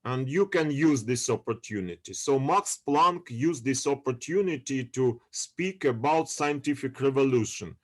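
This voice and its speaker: Slow, halting male lecturer on a call. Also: mid-range voice. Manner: halting, searching for English words, many fillers; checks in with students. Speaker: university lecturer. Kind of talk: online lecture to students.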